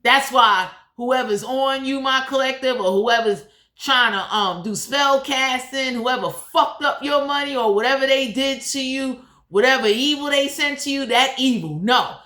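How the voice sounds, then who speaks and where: A woman's voice: sits high, a little slow, sharp tone. A woman doing a blunt, profane, heated tarot reading in a casual monologue. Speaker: tarot reader. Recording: echoey room.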